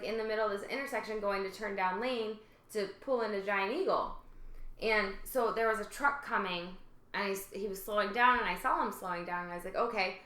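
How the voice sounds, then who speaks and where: Picture a woman co-hosting a casual podcast, her voice bright and forward. She tells stories in a chatty, easygoing way and laughs often. The room around her is roomy and echoey. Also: medium pitch. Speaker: podcast co-host. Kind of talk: casual chat. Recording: roomy echo.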